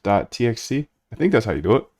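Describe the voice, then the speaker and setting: A man's voice: on the low side, very animated, fast talker, darkish tone. A man streaming himself coding, chatting casually and thinking aloud as he works. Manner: thinks aloud while working, chatty and loose. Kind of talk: casual live-coding chat.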